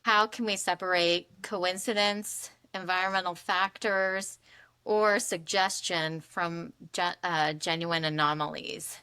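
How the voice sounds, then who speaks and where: A woman co-hosting a podcast, asking a measured question in casual chat. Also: on the low side, steady tone, sharp tone, smooth, no echo. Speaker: podcast co-host.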